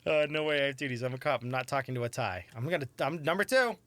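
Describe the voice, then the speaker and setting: A man's voice: medium pitch, lively intonation, fast, a bit bright, dry recording. A man streaming a detective game, reading the text aloud with playful, swearing reactions. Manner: playful, swears, laughs often. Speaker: let's play streamer.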